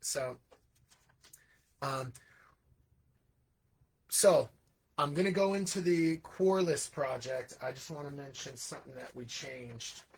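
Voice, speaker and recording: A man's voice: medium pitch, steady tone, slow, creaky, pauses often, breathy edge. A man, a teacher by trade, talking casually on a livestream, rambling and repeating words as he works out his point, now and then mimicking voices for examples. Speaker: host, educator. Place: lives in Hong Kong.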